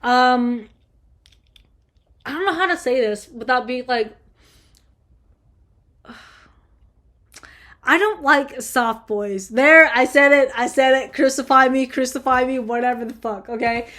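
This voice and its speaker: A young woman vlogger answering viewer questions in a casual, heated rant, swearing constantly and filling every pause with fillers. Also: high voice, fairly bright tone. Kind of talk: casual ranting chat.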